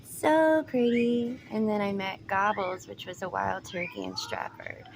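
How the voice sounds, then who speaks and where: A young woman vlogging while she talks to pet birds, switching between high, drawn-out baby talk to them and rambling stories full of fillers. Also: lively intonation, noisy background. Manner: rambling storytelling with many fillers. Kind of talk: casual vlog, chatting to pet birds. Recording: loud bird chatter in background. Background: birds squawking.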